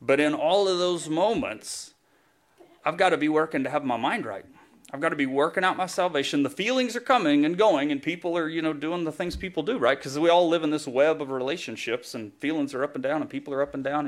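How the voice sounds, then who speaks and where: A male pastor with a higher voice speaks fairly quickly in a conversational sermon. He tells a story with self-deprecating humor, his casual delivery packed with fillers.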